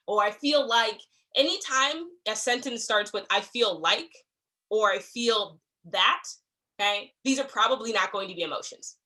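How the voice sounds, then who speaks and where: A woman's voice: mid-range voice, normal speed, sharp tone. A young adult woman leading a staff training talk, speaking conversationally with frequent check-ins and acting out little exchanges. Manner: acts out quoted exchanges. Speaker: workplace trainer.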